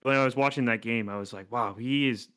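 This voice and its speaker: A man's voice: mid-range voice, fairly quick, fairly bright tone. A man co-hosting a laid-back sports podcast. He talks casually, laughs a lot and playfully acts out other people's lines as he tells a story. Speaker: podcast co-host. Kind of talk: casual hockey chat.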